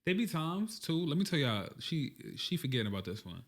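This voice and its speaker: A man's voice: fairly high pitch, big pitch swings, brisk. A man hosting a podcast, chatting casually in a blunt, profane, joking way. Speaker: podcast host. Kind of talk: casual chat.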